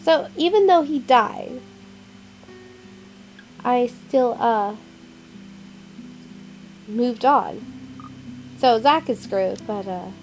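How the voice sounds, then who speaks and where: Woman gamer, reads game text aloud, casual asides, fairly high voice, music underneath. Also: lively intonation, very slow, long pauses, a little mellow, poor audio. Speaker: gaming channel host. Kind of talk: narrated game let's play.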